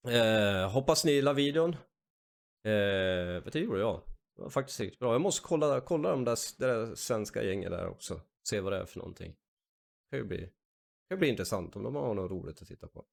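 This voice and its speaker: Gravelly-voiced man from Sweden, lively. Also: on the low side, a little fast. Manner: chatty, reacting with short gasps and asides. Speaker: reaction video host. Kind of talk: casual reaction commentary.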